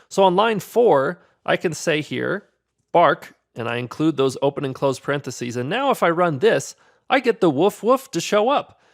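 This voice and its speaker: A man walks through a coding tutorial with easy, upbeat enthusiasm. His voice sits a bit high and has a gravelly, creaky edge. He talks it through conversationally, like a friendly instructor. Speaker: programming instructor. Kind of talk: screen-recorded coding tutorial.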